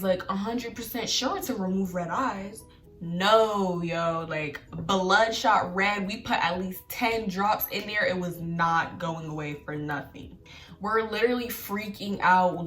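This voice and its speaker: A young woman vlogger telling a story in animated slangy talk with laughs, recorded a bit off-mic in an echoey room with faint music. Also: mid-range voice, far from the mic. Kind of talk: storytime vlog.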